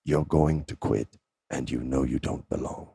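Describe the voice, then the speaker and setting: A man putting on the quiet, low, unhurried voice of a calm, stern older male wrestling coach. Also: vocal fry, breathy edge, no room sound, clean studio sound, heavily acted. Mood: cool.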